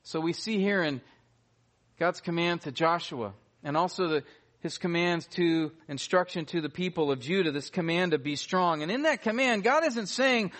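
A man's voice: high voice, normal speed, fairly bright tone. A man preaching a sermon as pastor, emphatic and repeating key phrases for weight.

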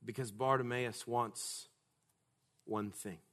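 A man preaching a sermon emphatically, rising to loud, forceful passages. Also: medium pitch, fairly even intonation, takes it slowly.

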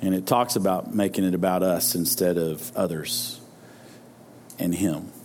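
A man's voice: low-pitched, fairly even intonation, unhurried, a little mellow, a little hiss or hum. Guy preaching, chatty and loose, keeps restarting his sentences. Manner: conversational, repeats words and restarts often. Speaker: pastor. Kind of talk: sermon.

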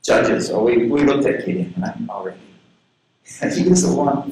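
Male pastor, earnest storyteller, pitch leaps around a lot; heavy echo of a big room, faint noise underneath. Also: moderate pace. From southern Florida. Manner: earnest, personal storytelling with lively pitch swings. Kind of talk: sermon.

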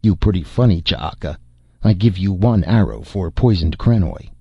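Man doing a gruff tribal slaver chief, broken clipped speech, deep husky voice, dry sound. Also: expressive, moderate pace, no echo, muffled recording, heavily acted. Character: brutish, suspicious male tribal slaver chief. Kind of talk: audiobook character voice.

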